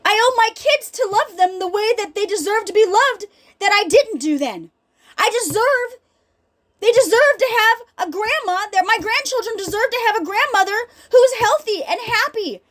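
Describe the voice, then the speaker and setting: A woman's voice: very high voice, moderate pace, few pauses, fairly bright tone. A middle-aged woman giving an earnest, emphatic personal faith talk, speaking straight to her listeners. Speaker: healing ministry speaker.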